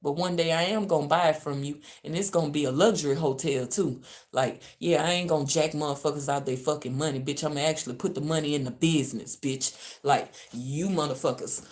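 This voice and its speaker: A woman from Louisiana with a Louisiana accent, venting on a livestream from a hotel room, profane and swinging between muttering and loud outbursts. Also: low-pitched, fairly quick. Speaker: livestreamer and spiritual reader. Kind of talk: ranting livestream.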